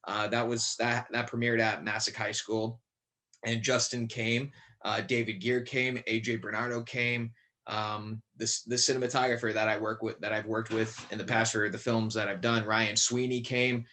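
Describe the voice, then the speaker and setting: A man's voice: fairly low pitch, level tone, normal speed, bright, forceful tone. A man about twenty from Connecticut, a young actor chatting as a podcast guest, rambling with many fillers and restarts. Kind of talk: casual podcast interview.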